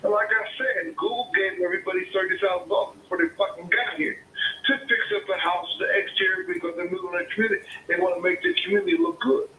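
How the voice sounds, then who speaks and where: A man's voice: sits high, fast, bright, forceful tone. Swearing, heated man on an echoey phone line. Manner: swearing, repetitive, argumentative. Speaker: caller, homeowner. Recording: echoey phone call with faint noise.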